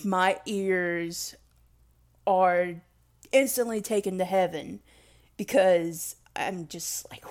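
A woman's voice: fairly low pitch, takes it slowly, pauses often. A young woman rambling casually and emotionally in a vlog, self-deprecating and swearing freely. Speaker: vlogger.

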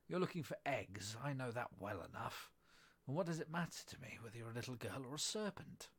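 A man voicing an anxious, complaining mother pigeon in a storybook reading, with a husky voice raised to a scold. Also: mid-range voice, animated, brisk, fairly bright tone. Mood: scornful. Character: fretful, shrill mother pigeon.

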